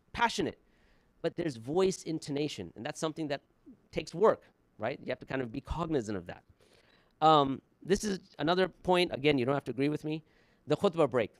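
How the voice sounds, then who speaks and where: A man's voice: a little high, no echo. A man teaching a workshop on preaching, talking conversationally with frequent rhetorical questions and short laughs between points. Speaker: workshop instructor.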